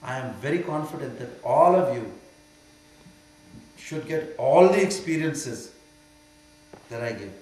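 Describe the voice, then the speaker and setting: An older man from India with an Indian accent, a spiritual teacher answering questions in an emphatic way that moves from quiet to loud. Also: medium pitch, animated, measured pace, long pauses. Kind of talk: spiritual Q&A talk. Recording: very echoey hall with faint hum.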